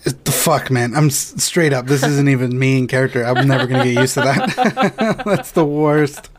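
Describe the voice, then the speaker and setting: A man co-hosting a comedy podcast, chatting loosely, joking loudly and slipping into silly voices. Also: medium pitch, normal speed. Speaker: podcast co-host. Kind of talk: casual comedy chat.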